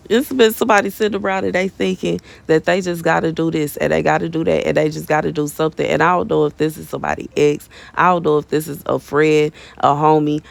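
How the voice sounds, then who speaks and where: A woman delivers a casual prophetic message from a bedroom in her mother's house. She is animated and slangy, laughs often, and calls listeners baby and bruh. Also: deep voice, gravelly.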